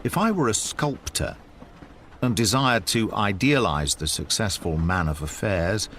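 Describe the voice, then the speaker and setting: A male narrator reads an audiobook with measured care and a lively, varied intonation. Faint train cabin rumble sits quietly behind his voice. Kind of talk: storytelling narration for sleep. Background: faint train cabin ambience.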